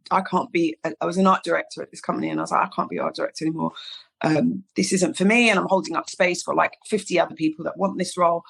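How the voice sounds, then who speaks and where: A woman, a podcast guest telling a personal story in casual chat, acting out the dialogue. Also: mid-range voice. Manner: animated storyteller, acts out quoted dialogue, many "like"s. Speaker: podcast guest, hairstylist founder.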